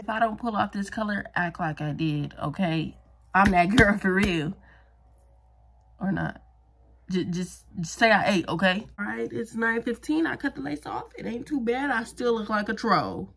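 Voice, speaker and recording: A woman's voice: medium pitch, normal speed, vocal fry, fairly bright tone, breathy edge. A young woman chatting casually through a beauty tutorial, joking and mocking herself as she talks straight to viewers. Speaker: vlogger doing a wig and lash tutorial.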